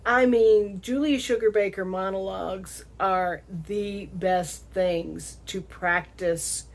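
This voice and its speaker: A middle-aged vlog host with a Southern American accent chats casually to her audience on camera, laughing often and drawing out words for slow emphasis. Her voice is mid-range and steady.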